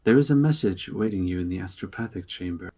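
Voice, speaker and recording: A man's voice: low voice, animated, fast talker, warm tone. A man voicing a formal, flustered starship astropath. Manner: ethereal, formal, a little flustered. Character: weary male astropath aboard a starship.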